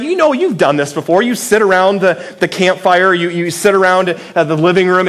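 A man preaching a sermon in a playful, conversational way, asking the listeners many rhetorical questions. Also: on the high side. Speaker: pastor.

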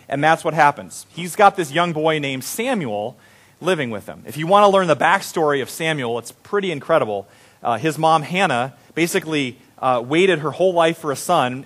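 A man's voice: on the high side, fairly bright tone. A male pastor giving a sermon in a conversational, playful storytelling manner.

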